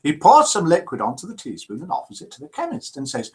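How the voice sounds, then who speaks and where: A man hosting a live call-in show, in a jokey, lively manner, chatting and reading out listener messages. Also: on the high side, fast, husky.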